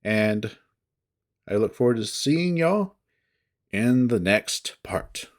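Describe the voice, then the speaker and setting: A man's voice: lowish voice, lively intonation, takes it slowly. A man who reads visual novels, talking casually to his viewers in a rambling, hesitant, self-deprecating way. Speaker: visual novel reader and voice actor.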